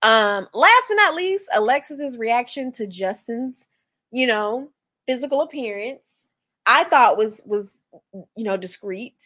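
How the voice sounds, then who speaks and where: Lively, blunt young woman telling stories. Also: on the high side, a little slow. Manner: blunt, animated storytelling with lots of slang. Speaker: podcast co-host. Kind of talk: casual chat reacting to a reality show.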